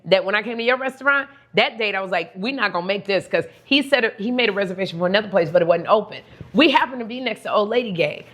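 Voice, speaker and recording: Middle-aged woman, casual chat, playful animated storyteller, medium pitch. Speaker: guest.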